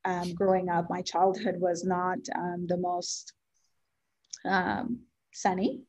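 A woman in her forties whose first language is Spanish, telling her life story as an interview guest in an earnest, heartfelt way, with many ums and pauses. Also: on the low side, level tone, darkish tone. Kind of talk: personal life story in conversation.

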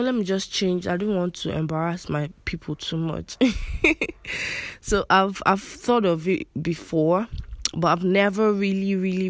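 A young woman with a Nigerian American accent talks through her solo podcast episode, rambling and joking at her own expense. Her voice sits fairly low for a woman. The recording is close and dry, with no room sound. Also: no room sound. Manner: chatty, self-deprecating, rambling with fillers. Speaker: podcast host. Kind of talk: casual solo podcast talk.

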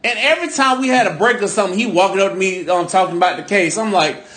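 A man co-hosting a casual podcast chat, telling stories in an animated, profane way. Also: high-pitched, fast talker. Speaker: podcast co-host.

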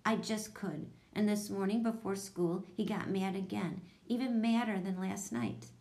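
A woman's voice: medium pitch, fairly even intonation, a little slow, darkish tone, close to an everyday voice. A woman voicing an earnest young boy dressed as a monster, speaking in a plain, matter-of-fact way.

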